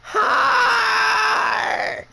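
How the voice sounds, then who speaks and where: A woman's voice: steady tone, very slow, vocal fry, sharp tone, raised voice, full character voice. A screeching witchy mother-in-law. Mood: shrieking. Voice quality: screeching, shrill. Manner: cackling exaggerated greetings. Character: shrieking witchy older mother-in-law, menacing. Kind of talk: casual chat.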